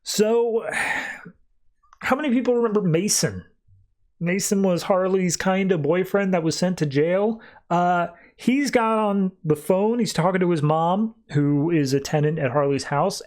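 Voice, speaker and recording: A man hosting a podcast, retelling a comic plot in a rambling, wry, casual way with quick acted quotes. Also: a little high, darkish tone. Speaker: podcast host. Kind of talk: casual comic book recap.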